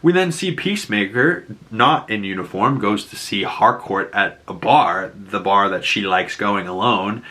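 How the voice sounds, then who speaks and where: A man's voice: fairly low pitch, measured pace, hardly any pauses, sharp tone. A man with a Boston accent recapping a TV episode in casual, profane chat, laughing and jumping into characters' lines. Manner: swearing, laughing, acting out characters' lines in a raised voice. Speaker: show recap host.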